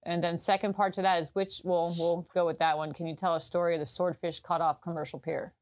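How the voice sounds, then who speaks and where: A woman reads listener questions aloud on a casual podcast, easygoing and lightly amused. Her voice sits somewhat low for a woman. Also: level tone, brisk. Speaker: co-host reading listener questions. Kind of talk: casual chat.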